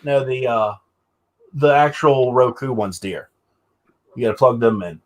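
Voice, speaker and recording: A young man chats easily on a livestream, joking with his guests and showing products. His voice sits at an ordinary middle pitch. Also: measured pace. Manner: chatty, joking, shows products. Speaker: livestream host. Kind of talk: casual livestream chat.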